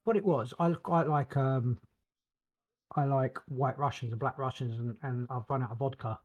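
A man's voice: mid-range voice, normal speed, a little mellow, highs cut off. A British man co-hosting a podcast, rambling and swearing freely in casual chat. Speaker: podcast co-host.

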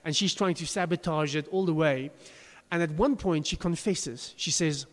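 A man's voice: a little high, moderate pace, long reverb tail. A pastor preaching a sermon to his congregation, chatty and self-deprecating, with frequent restarts.

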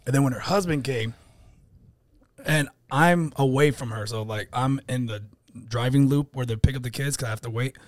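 A man's voice: medium pitch, moderate pace, no room sound, studio quality. A man co-hosting a podcast, telling a story in casual chat and mimicking the people in it. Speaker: podcast co-host.

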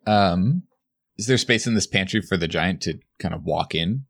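A man with a very deep voice is a player at a tabletop game. He talks in an easygoing, casual way and thinks out loud as he works out his character's moves. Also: expressive, moderate pace, creaky. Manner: easygoing, thinks aloud with fillers.

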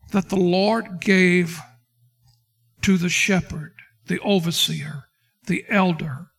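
Man pastor, high-pitched, preaching a sermon and acting out scripture scenes. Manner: preaching with King James quotes and dramatic retellings.

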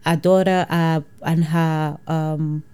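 Lively woman from Nigeria, lowish voice. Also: slow pace, smooth. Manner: lively, laughs often, acts out quoted people. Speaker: interview guest, entrepreneur. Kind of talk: conversational storytelling.

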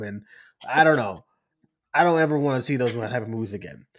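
Excitable laughing male podcast co-host. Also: mid-range voice, a little fast, long pauses. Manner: excitable, laughs often, repeats himself. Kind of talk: casual chat.

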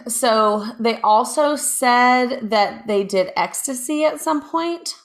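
A woman's voice: fairly high pitch, takes it slowly. Chatty woman telling a true crime story. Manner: chatty, lots of ums and asides, reads from notes. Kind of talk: casual chat.

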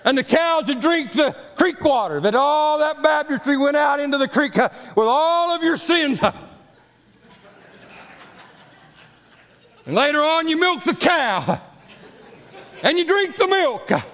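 A man's voice: extremely high pitch, slow, hardly any pauses, sharp tone, clear, resonant tone, exaggerated voice. A man voicing a pompous old-timey male country preacher, declaiming through his own laughter. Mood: mock solemn. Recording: long church reverb.

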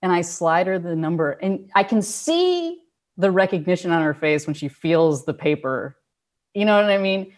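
Low-voiced woman rambling through a story on a video call, lots of swearing. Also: moderate pace. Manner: rambling, animated, swears freely. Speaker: guest telling a story.

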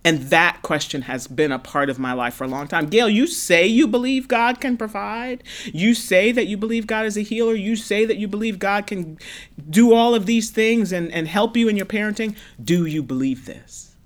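A woman's voice: mid-range voice, normal speed. Earnest woman guest from Brooklyn. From Brooklyn, New York. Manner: earnest and heartfelt, with frequent restarts and emphatic repetition. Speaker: guest, parent. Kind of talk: casual conversational storytelling.

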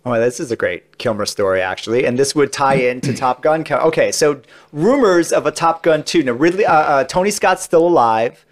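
A man's voice: mid-range voice, animated, brisk, few pauses. A man on a podcast, chatting casually as a guest and telling long stories about interviews he has done, with lots of asides. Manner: chatty, rambling, many asides. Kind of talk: casual anecdotal storytelling.

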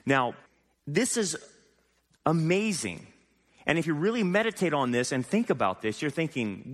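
A man preaching a sermon as pastor, animated and full of rhetorical questions to his congregation. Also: fairly high pitch, unhurried. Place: church sanctuary. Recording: long hall reverb.

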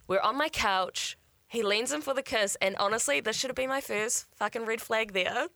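A woman's voice: on the high side, normal speed, creaky, sharp tone, no echo. A young woman, telling a candid story in casual chat, swearing and acting out quotes. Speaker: guest storyteller.

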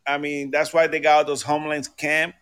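Higher-voiced guy ranting on a podcast, swears a lot, fired up. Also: monotone, brisk, a bit bright, smooth. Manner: profane, angry ranting. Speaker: podcast co-host. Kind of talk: casual political chat.

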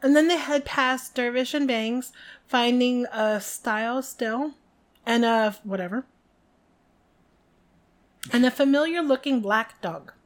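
A woman co-hosting a podcast, recapping a book in an animated, giggly casual chat. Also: fairly high pitch, slow pace, pauses often. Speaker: podcast co-host.

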